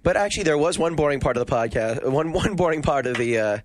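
Guy on a podcast, talks really fast, stumbles and restarts a lot. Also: a little high, animated, slight background noise. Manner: rambling, stammering restarts. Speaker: podcast co-host. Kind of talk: casual podcast chat.

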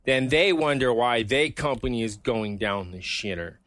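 A man's voice: mid-range voice, lively intonation, normal speed, a bit bright, dry recording. A sick man on a casual podcast, reading out an angry forum post with mock outrage. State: sick, stuffy. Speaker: podcast co-host.

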